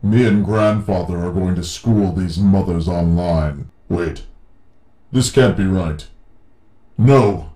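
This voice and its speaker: A man voicing a petulant young male villain who plays a video game, talking in a crude, cocky way and breaking into excited yelling, as a comedic parody voice-over. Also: deep voice, slow pace. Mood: cocky gamer. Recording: echoey room with faint music.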